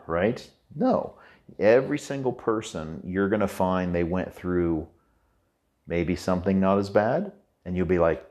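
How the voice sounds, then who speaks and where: A man's voice: low voice, unhurried, a little mellow. A man hosting a podcast, talking straight to listeners in an earnest, encouraging motivational monologue, casual and repetitive, with some mild swearing. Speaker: podcast host.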